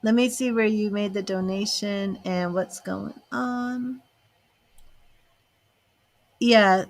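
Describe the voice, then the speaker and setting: A woman's voice: medium pitch, steady tone. A woman giving live tarot readings, chatting to viewers, reading their questions and turning cards, emotional and chatty. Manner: slow, chatty, emotional, talks to viewers by name. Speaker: tarot reader and psychic.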